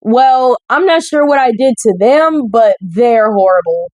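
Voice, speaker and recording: A woman's voice: fairly high pitch, expressive, unhurried, darkish tone, dry recording, low-quality recording. A young woman, a gaming creator, reads a dating sim aloud and reacts with sassy, joking commentary, often stumbling over her words. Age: young adult.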